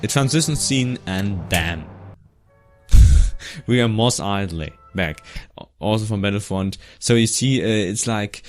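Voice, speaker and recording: Over soft background music, a vlogger with a fairly low, animated voice talks casually about an old fan video he made. He takes a measured pace but rambles, keeps restarting his sentences, and laughs now and then.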